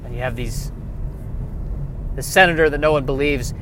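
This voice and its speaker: A man riffing through a rambling comedic monologue, self-mocking, dropping quiet and then bursting louder. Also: medium pitch, moderate pace, pauses often, a little hiss or hum.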